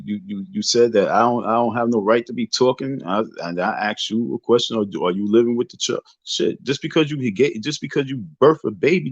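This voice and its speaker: A man's voice: medium pitch, no echo. A man hosting a casual livestream rant, talking emphatically and preachily, repeating his points and swearing freely. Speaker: livestream host. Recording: dull lo-fi dry sound.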